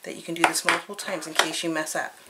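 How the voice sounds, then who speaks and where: A woman's voice: low voice, fairly even intonation, fast, heavy background noise. A woman hosting a craft tutorial, chatting cheerfully and thinking aloud as she works. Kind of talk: casual craft demonstration.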